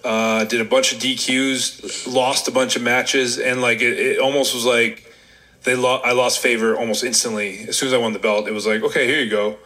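A man's voice: mid-range voice, level tone, moderate pace, sharp tone, rough recording. A man from upstate New York, a former wrestler, telling candid stories in a casual interview. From Rochester, New York. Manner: candid, rambling, self-deprecating.

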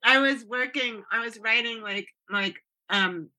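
A woman's voice: on the high side, measured pace, bright, forceful tone. A woman in her sixties, a guest telling stories in casual chat, often laughing and restarting her sentences.

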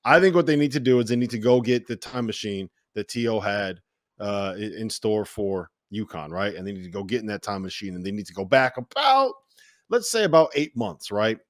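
Guy hosting a sports podcast, lowish voice, dry close sound, laughs a lot. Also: animated, a little fast, no echo. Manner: laughs often, steers the conversation. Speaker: podcast host. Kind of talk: casual sports podcast chat.

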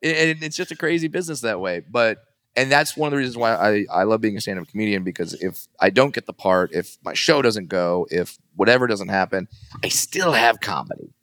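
A low, smooth and resonant man's voice, a stand-up comedian chatting and telling stories. He leaps into high squeaky voices when he quotes people. The sound is close and dry. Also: brisk, dry recording. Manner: animated, acts out quoted voices in a high pitch. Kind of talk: casual storytelling interview.

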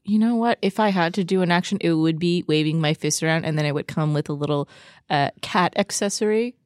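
A woman co-hosting a casual podcast chat, playful and quick to laugh, swearing casually. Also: on the low side, a little mellow, dry recording, studio quality.

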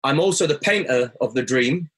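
A man's voice: medium pitch, expressive, normal speed, a bit bright, slightly rough. A man telling a personal story as a guest. He talks earnestly and reflectively, and his voice jumps up when he quotes his own words. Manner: earnest, rises sharply when quoting himself.

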